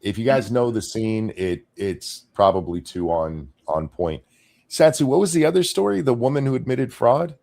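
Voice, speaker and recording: Male host, lively pitch, opinionated, reads viewer chat aloud. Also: normal speed, vocal fry. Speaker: show host reading chat. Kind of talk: casual live-stream talk.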